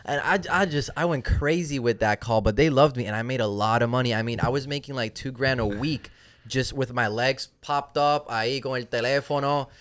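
A man's voice: medium pitch, fairly quick, fairly bright tone, clear, resonant tone. A young man, a podcast guest in a studio who tells rambling stories with many restarts and mixes in Spanish phrases. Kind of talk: casual chat.

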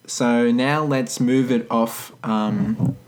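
A man casually reading a story aloud, breaking off for wry, deadpan comments. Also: medium pitch, drawn-out words. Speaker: podcast co-host reading fan fiction.

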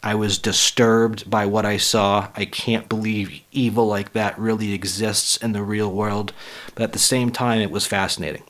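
A man hosting a solo podcast, blunt and profane, with a raspy voice as he gets over the flu. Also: lowish voice, little pitch movement, normal speed, fairly bright tone. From Western Massachusetts. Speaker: podcast host and comedian. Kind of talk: casual solo podcast talk.

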